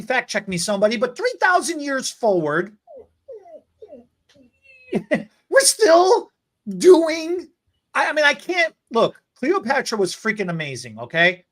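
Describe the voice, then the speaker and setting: Animated man telling a story, laughing. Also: sits high. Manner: animated, laughing storyteller who acts out quotes. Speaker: podcast co-host, hair stylist. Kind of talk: casual storytelling chat.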